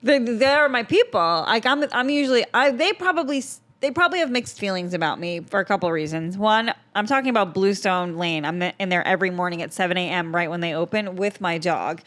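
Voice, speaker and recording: A woman's voice: mid-range voice, animated, a little fast, few pauses, a bit bright. A woman hosting a podcast, chatting casually with blunt, opinionated remarks and easy laughter. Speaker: podcast host. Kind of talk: casual chat.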